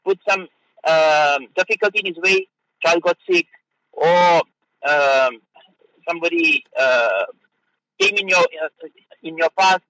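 A man, a mufti, giving an unscripted religious talk on the radio, halting with fillers and repeated words. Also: on the high side, sharp tone, dry recording, rough recording.

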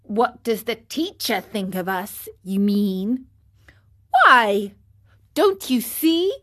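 A woman's voice: medium pitch, expressive, slow pace, fairly bright tone. A woman voicing a gang of rowdy, teasing schoolboys in a storybook reading, jeering and boastful.

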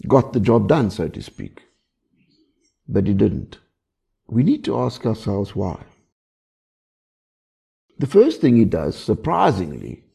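A man's voice: lowish voice, creaky, warm tone, husky. A man preaching a sermon in a conversational way, often asking the listeners questions. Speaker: pastor.

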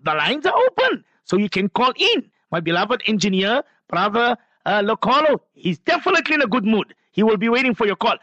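A man hosting a call-in radio show, chatting casually and telling stories, with frequent coughs and throat clearing. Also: sits high, big pitch swings, a little fast, few pauses, sharp tone, no echo, highs cut off. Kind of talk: casual radio talk, reading listener messages.

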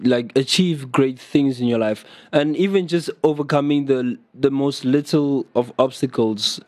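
A man's voice: medium pitch, measured pace, darkish tone, dry recording. Agreeable male co-host, laid-back and dry-recorded. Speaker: radio co-host. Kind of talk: casual radio chat.

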